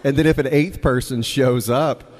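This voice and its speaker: A young man from Mississippi tells a story in his Southern accent at a live storytelling night. He talks casually and laughs between lines. His mid-pitched voice carries a long reverb from the hall. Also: moderate pace, a little mellow. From Mississippi, United States.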